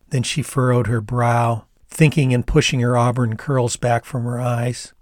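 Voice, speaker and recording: An older man from the United States reading his memoir aloud in a measured, reflective storytelling manner. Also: medium pitch, fairly even intonation, no echo, studio quality. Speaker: author and narrator. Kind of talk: memoir narration read aloud.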